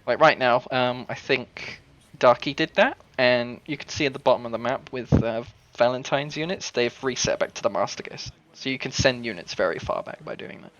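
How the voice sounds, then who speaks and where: A man's voice: mid-range voice, normal speed, fairly bright tone, highs cut off. A man coaching and commentating a strategy game in a casual, joking way, explaining tactics as he talks.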